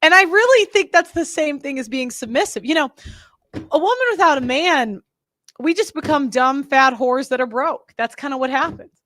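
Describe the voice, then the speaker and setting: High-voiced rambling woman, casual chat. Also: expressive, moderate pace, pushed and bright, dry recording, clean studio sound. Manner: chatty, rambling, self-interrupting. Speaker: influencer.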